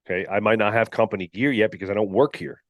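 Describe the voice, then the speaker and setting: A man with a lowish voice delivers a blunt coaching monologue as a podcast host, hammering his points home. He is recorded dry and close, with no room sound. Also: fast talker, dry recording. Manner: blunt, emphatic, peppered with "all right"; mocks candidates in put-on whiny voices. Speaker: podcast host and gym owner.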